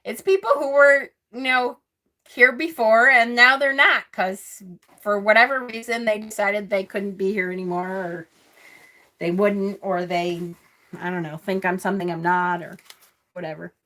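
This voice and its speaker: A woman's voice: medium pitch, moderate pace, sharp tone. A woman hosting a casual tarot live stream, chatty and snarky, laughing often. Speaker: tarot channel host.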